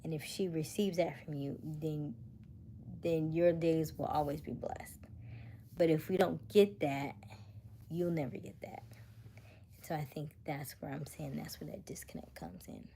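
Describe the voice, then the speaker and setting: A woman's voice: deep voice, fairly even intonation, unhurried, mellow, a little hiss or hum. A woman hosting a casual livestream, chatting and musing aloud and dropping to a near-whisper when she reads comments. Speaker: livestream host.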